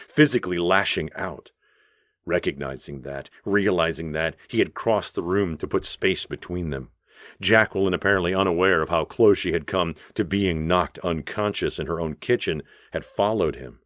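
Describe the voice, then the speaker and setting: A man narrating an audiobook in a measured, even storytelling voice on a close studio mic. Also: sits low, no echo. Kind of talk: scripted narration.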